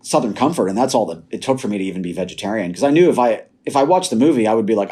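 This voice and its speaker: A fairly low-voiced young man speaks with a dark, husky tone. He tells a personal story in a casual, animated way. He slips into quoting himself and others as he goes. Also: fast. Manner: animated, laughs while telling stories. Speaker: podcast guest.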